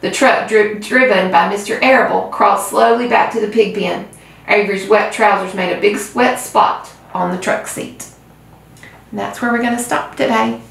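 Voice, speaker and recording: A woman who hosts a reading channel, reading a children's book aloud with gentle storytelling. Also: medium pitch, fairly even intonation, normal speed, gravelly. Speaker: reader. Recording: roomy, far from mic.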